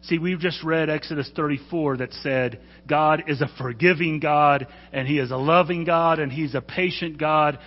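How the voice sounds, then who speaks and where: A man's voice: fairly high pitch, moderate pace, few pauses. A man preaching a sermon as pastor, earnest and urging, who sometimes stumbles and corrects himself. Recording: dull sound with long hall reverb.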